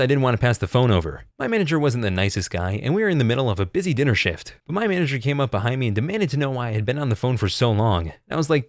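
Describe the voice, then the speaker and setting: Male narrator, quick lively read, dry close sound. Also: mid-range voice, no echo. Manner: brisk, lively reading of customer stories. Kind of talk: scripted narration.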